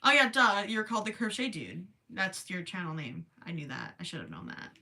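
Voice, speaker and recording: A woman's voice: medium pitch, sing-song, moderate pace, creaky, bright, forceful tone. A young woman with a Minnesotan accent, chatting and giggling on a livestream while she crochets, tired and worried about losing her voice late at night. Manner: giggly, chatty, reading viewer comments aloud. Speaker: livestream host.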